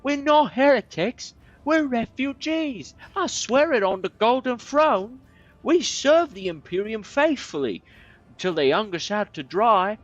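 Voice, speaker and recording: An actress playing a desperate refugee in a video game, pleading and then defiant. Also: female voice, fairly high pitch, very animated, unhurried. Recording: muffled game audio with music.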